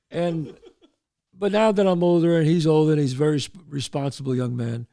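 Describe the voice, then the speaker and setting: A man's voice: on the high side, fairly quick. An older man hosting a show, telling stories casually and acting out the voices in them. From the Bronx, New York. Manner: animated, acts out voices in his stories. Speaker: host. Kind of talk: casual storytelling.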